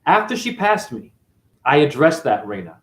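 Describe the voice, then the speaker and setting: A man talks to his livestream chat in a preachy, animated way. His voice sits a little high and leaps between loud outbursts and low mutters. The sound is roomy, with a clear echo. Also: moderate pace. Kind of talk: casual livestream monologue.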